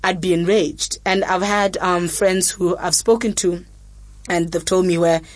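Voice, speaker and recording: A young woman talks frankly and casually as a podcast host, with lots of fillers and lively quoted asides. Her voice sits a little low and sounds close and dry, with no room around it. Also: a little slow, no room sound. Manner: frank, chatty, many fillers, animated quotes. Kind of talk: candid casual chat.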